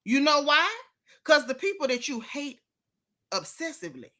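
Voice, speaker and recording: A sassy woman hosting a gossip vlog, scolding her target with one rhetorical question after another. Her voice sits a little high and swings widely up and down. The tone is bright and sharp. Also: very animated, moderate pace. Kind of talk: casual gossip commentary.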